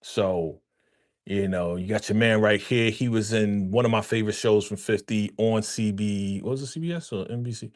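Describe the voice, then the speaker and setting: A man's voice: fairly low pitch, moderate pace. A man hosting a casual live stream, talking loosely to his viewers and calling them fam, repeating himself often, on a podcast microphone. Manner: loose, repetitive, slangy, addresses viewers as fam. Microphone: podcast dynamic microphone.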